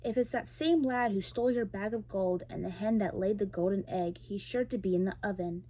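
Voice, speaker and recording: A woman plays the giant's sly wife, all sugar and coaxing in a raised, sweet tone. The voice is soft and breathy. It is part of a whispered role-play storybook reading. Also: medium pitch, fairly quick, close to an everyday voice, low-quality recording.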